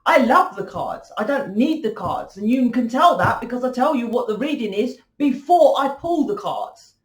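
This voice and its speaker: A woman's voice: fairly high pitch, expressive, normal speed. A woman giving a blunt, confrontational tarot reading, swearing freely and lecturing the listener. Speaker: tarot reader. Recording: echoey room.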